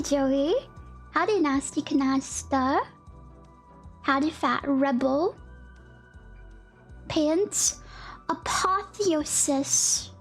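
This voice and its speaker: Young woman streamer, high bright voice, unhurried bubbly chat with her viewers, soft music underneath. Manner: bubbly, gasping and giggling, greeting chatters with howdy. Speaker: livestreamer. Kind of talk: casual livestream chat, reading chat.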